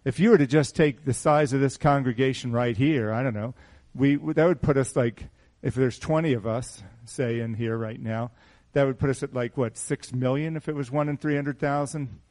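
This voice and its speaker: In a small church, a middle-aged male pastor preaches a sermon, putting rhetorical questions to the congregation with animated energy. His voice is mid-range and his speed normal.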